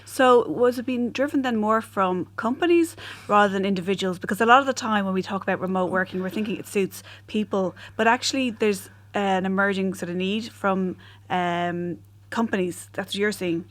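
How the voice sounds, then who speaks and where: A woman's voice: mid-range voice, normal speed. A woman interviewer asking probing follow-up questions in a business interview.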